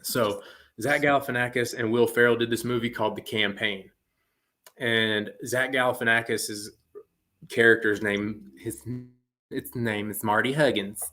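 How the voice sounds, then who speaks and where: A man's voice: mid-range voice, fairly even intonation, a little slow, bright, forceful tone. Playful man, casual chat. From Appalachia, USA. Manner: playful, talkative, jokes around with mock-Spanish bits. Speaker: guest actor.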